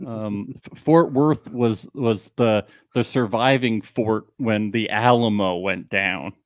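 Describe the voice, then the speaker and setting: A man's voice: on the low side, slow, dry recording. A man co-hosting a casual recap show, sarcastic and jokey, now and then slipping into a mock drawl. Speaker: podcast co-host.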